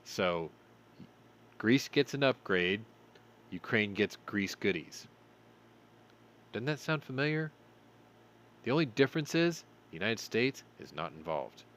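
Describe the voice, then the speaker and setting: A man's voice: lowish voice, sing-song, measured pace, fairly bright tone. A tired man hosting a show, reading news stories aloud and breaking off for sarcastic asides. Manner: sarcastic asides between read headlines. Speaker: show host.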